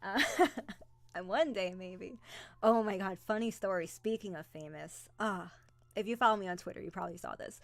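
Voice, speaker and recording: A woman's voice: medium pitch, dry recording. Chatty young woman hosting a live stream. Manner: chatty, excitable, greets viewers by name. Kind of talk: casual live-stream chat with viewers.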